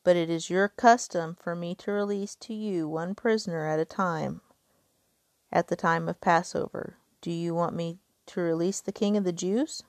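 A woman's voice: lowish voice, fairly even intonation, moderate pace, dry recording, studio quality, close to an everyday voice. A woman reading the lines of a skeptical Roman governor in her own plain voice. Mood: questioning.

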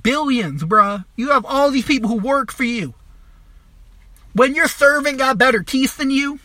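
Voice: mid-range voice, bright, forceful tone, no echo. A young adult podcast host delivering a crude, mocking comedic rant, swearing constantly and trailing off into restarts.

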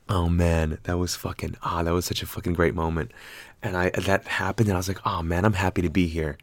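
Casting: deep-voiced man, rambling profane storyteller, dry close mic. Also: a little fast, no echo. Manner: rambling, profane, animated retelling with quoted voices. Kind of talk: casual storytelling.

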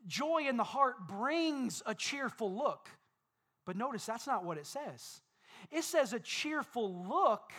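A man preaching a sermon as pastor, building repeated phrases up to loud peaks. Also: high-pitched.

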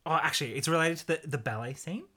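A woman's voice: low voice, fast, bright, forceful tone. A woman co-hosting a casual chat who laughs often and acts out quoted lines.

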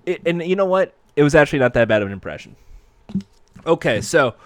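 Lively sarcastic man recapping episodes. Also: on the high side, brisk, no room sound. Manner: sarcastic, profane, rambling. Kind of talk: comedic recap commentary.

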